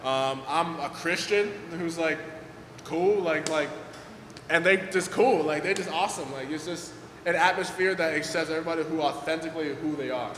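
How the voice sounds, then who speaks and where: A young man, telling stories at a skate event Q&A in a casual, animated way, full of fillers and acted-out quotes. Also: on the high side, moderate pace, slight background noise. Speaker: guest pro skateboarder. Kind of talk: casual storytelling at a Q&A. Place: event hall with audience. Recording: echoey hall, faint ambience.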